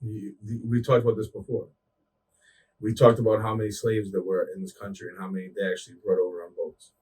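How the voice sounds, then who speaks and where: A man of middle pitch chats casually on a podcast, rambling through a story with restarts and swearing. His voice is husky and he sits a little away from the mic. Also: level tone, fairly quick, a little mellow, recorded from a distance, rough recording. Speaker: podcast co-host.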